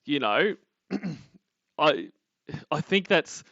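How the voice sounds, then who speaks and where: An Australian man co-hosting a podcast in a bright, forceful voice. He rambles and restarts his sentences often, and the sound is dry and a little dull, like a modest lo-fi mic. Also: fairly high pitch, very animated, drawn-out words, no echo. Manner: rambling, lots of fillers and restarts. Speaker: podcast co-host. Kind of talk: casual chat.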